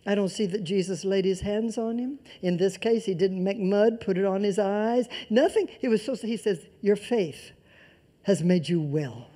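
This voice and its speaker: A preacher delivering a sermon, stressing points through repetition and shifting between loud emphasis and soft, near-whispered lines. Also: mid-range voice, normal speed, hardly any pauses. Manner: emphatic repetition of key phrases.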